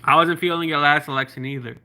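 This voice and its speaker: Chatty bright-voiced Southern man. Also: a little high, fairly even intonation, quick pace. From South Florida. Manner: rambling, chatty, laughing asides, lots of likes and ums. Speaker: YouTuber. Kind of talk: casual livestream chat reading viewer comments.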